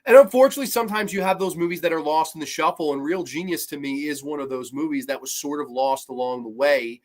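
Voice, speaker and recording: A man's voice: a little high, fast talker. A man hosting a film show, talking casually and enthusiastically about a movie he loves and acting out quoted lines. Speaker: film podcast host. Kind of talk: casual film review monologue.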